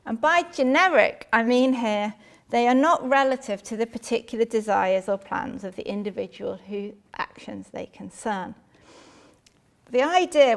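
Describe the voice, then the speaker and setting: A woman giving a measured academic philosophy lecture in a lecture hall. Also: fairly high pitch, gravelly. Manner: measured, reads out quotations.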